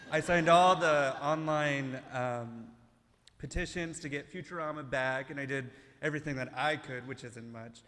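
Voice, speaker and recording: A man's voice: mid-range voice, normal speed, fairly bright tone. A man in the audience asking a panel question in a rambling, hesitant way. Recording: echoey hall.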